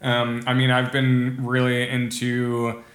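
A man speaks as a podcast guest in a relaxed, thoughtful way, pausing often to search for the right words. His voice stays fairly level with little melody. It sounds roomy and echoey, as though he is recorded in an open room. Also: mid-range voice. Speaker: guest musician. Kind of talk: casual podcast conversation.

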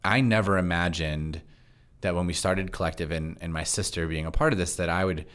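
Fast-talking man with a very deep voice. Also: fairly even intonation, fairly bright tone. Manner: fast-talking, chatty and laughing. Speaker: pastor and podcast host. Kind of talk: casual interview conversation.

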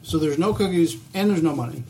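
Guy, slightly high voice, blunt and sweary, casual podcast chat, faint hiss behind. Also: expressive, fairly quick, mellow. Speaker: podcast co-host. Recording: faint background noise.

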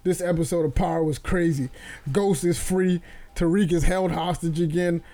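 A man's voice: a little high, fairly even intonation, moderate pace, warm tone. A man co-hosting a podcast, telling a story in blunt, slangy casual chat. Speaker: podcast co-host.

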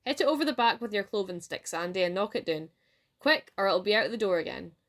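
A woman voicing an impatient, disdainful farmer's wife giving sharp orders. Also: mid-range voice, expressive, fast talker.

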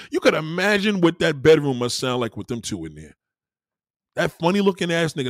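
Animated, profane New podcast host. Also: male voice, on the high side, dry recording, clean studio sound. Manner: animated, profane, laughing asides. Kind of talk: crude comedic rant.

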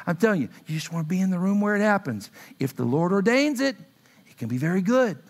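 A man's voice: high-pitched, fast. A man in his thirties preaching a sermon, telling stories and acting out quotes as he speaks to his congregation. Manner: animated, acts out quotes, asks the audience. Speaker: pastor. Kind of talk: sermon with storytelling.

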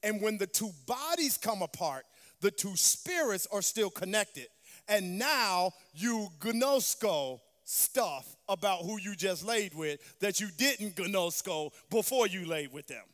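A woman's voice: medium pitch, expressive, slow pace, soft background music. Brief: woman preacher, sermon delivery, emphatic call-and-response, reverberant hall.

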